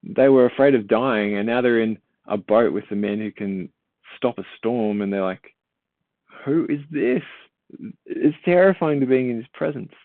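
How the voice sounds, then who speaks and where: A man's voice: lowish voice, steady tone, normal speed, dry recording. A man reading a Bible passage and then explaining it in an informal teaching style, talking conversationally, asking listeners rhetorical questions and repeating words as he thinks. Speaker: church Bible reader and teacher. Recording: tinny phone-like, dry sound.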